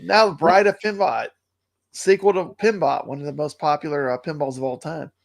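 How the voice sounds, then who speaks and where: A man's voice: fairly high pitch, normal speed, gravelly. A man co-hosting a casual chat, talking in a chatty, enthusiastic way. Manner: chatty, enthusiastic, repeats names. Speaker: co-host.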